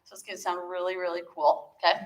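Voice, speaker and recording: Fast and level in tone, a woman with a fairly low voice coaches bowing technique in a viola masterclass, offering chatty encouragement along the way. Faint music sits behind her in an echoey room with an instrument playing.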